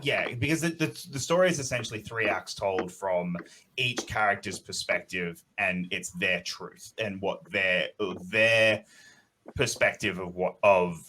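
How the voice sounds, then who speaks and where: Excitable man with a lowish voice. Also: background noise. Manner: enthusiastic, halting, with many restarts. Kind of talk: casual panel discussion.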